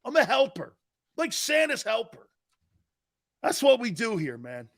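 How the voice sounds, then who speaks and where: With a very high, gravelly voice full of huge pitch swings, a man unhurriedly rants on his sports talk show. The delivery is brash, mocking and combative, and he laughs at his own jokes.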